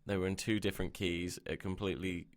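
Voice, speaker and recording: Young man, very low voice, laid-back podcast chat, swears casually. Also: little pitch movement, fast talker. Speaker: podcast co-host.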